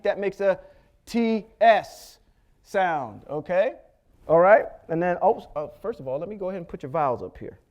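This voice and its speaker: Heard through dull audio, a high, slightly mellow male voice leads a Torah lesson. This Bible teacher patiently works step by step through Hebrew letters and vowels, checking in with "okay?" and cracking small jokes.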